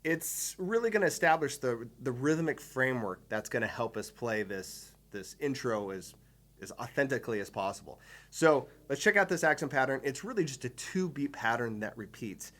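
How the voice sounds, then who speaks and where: A man's voice: mid-range voice, expressive, moderate pace, a bit bright. A man giving a drum lesson, explaining patterns step by step with enthusiasm and counting beats aloud. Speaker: drum teacher. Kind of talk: instructional video lesson.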